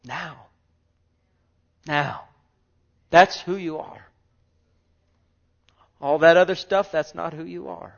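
A man preaching a sermon in a fairly high voice, swinging from near-whispered murmurs up to ringing exclamations. He leans on rhetorical questions and repetition. The recording sounds dull and lo-fi. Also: fairly even intonation, slow pace, creaky, long pauses. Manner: fervent, swings from hushed murmurs to loud exclamations.

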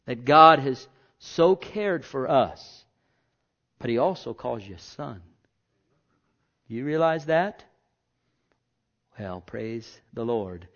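A man preaching a sermon as pastor, swinging between loud declarations and hushed asides and pressing the listeners with rhetorical questions. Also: mid-range voice, lively intonation, takes it slowly, long pauses. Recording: dull lo-fi recording.

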